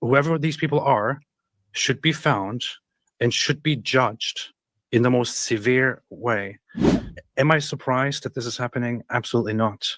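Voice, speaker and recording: A man on a podcast giving blunt, emphatic opinion commentary at a measured pace. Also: mid-range voice, a bit bright, no room sound. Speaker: podcast co-host.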